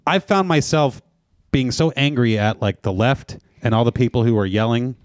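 A man's voice: mid-range voice, moderate pace, no echo, clean studio sound. A man co-hosting a casual podcast, telling stories with lots of swearing and acting out what people said. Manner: animated storytelling, profane, acts out quotes. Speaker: podcast co-host.

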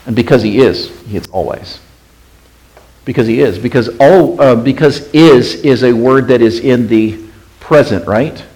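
A man preaching a sermon as pastor, questioning the congregation and swinging between hushed, intimate passages and emphatic, raised ones. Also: mid-range voice, a little slow, low-quality recording.

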